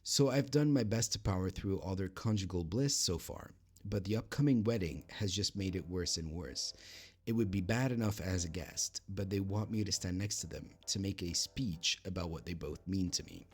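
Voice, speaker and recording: A man's voice: sits low, normal speed, a little mellow, husky. A man hosting a reaction video who reads an online post aloud with live commentary. He stumbles over words, jokes at his own slips and slides into a put-on British accent. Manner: drifts into a put-on British accent while reading.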